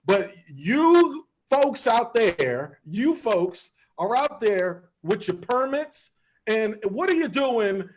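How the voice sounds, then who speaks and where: A man's voice: high voice, sing-song, slow pace, slight background noise, voice pushed up, exaggerated voice, low-quality recording. A man putting on a blustering conservative radio host. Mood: mock outrage. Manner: accusing, hammering questions. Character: mock outraged male conservative radio host.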